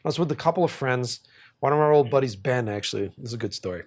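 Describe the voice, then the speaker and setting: A man's voice: medium pitch, animated, quick pace, husky. A man from Boston in his thirties, hosting a podcast and telling a rambling story in casual chat, swearing freely and laughing as he talks. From Boston, USA. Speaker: podcast host.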